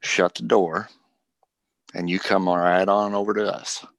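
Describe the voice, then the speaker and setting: A man voicing Hurley, a gruff armed outlaw gunman, in a tabletop role-play. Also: low-pitched, flat delivery, a little slow, dry recording. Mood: menacing.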